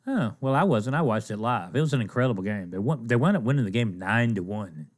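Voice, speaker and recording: A man co-hosting a podcast, telling a story in an animated, casual way and quoting people as he goes. His voice is middle-pitched and plain. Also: quick pace. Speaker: podcast co-host.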